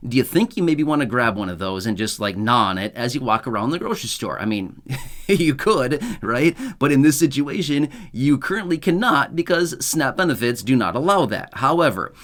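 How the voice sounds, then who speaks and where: A man talking straight to his viewers at a mid pitch, chatty and upbeat. He keeps circling back with "right?" and "again", now and then adding a dry, sarcastic aside as he explains the news. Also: big pitch swings, normal speed, a bit bright. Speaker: YouTube channel host. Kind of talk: casual explainer monologue.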